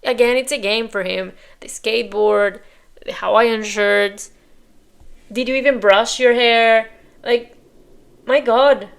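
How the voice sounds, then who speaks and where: A woman's voice: on the high side, fairly even intonation, slow pace, creaky, pauses often, smooth. A woman hosting a reaction video, talking back at the screen in exasperated, casual commentary and sometimes dropping to a whisper.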